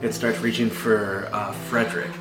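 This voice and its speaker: Brief: male game master, casual halting narration, roomy sound, guitar bed. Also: fairly low pitch, level tone. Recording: echoey room with guitar music.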